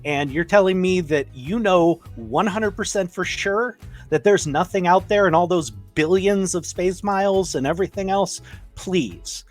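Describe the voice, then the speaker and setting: A man's voice: sits high, unhurried, soft background music. A man co-hosting a casual news chat, sardonic and skeptical in his remarks. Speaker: co-host.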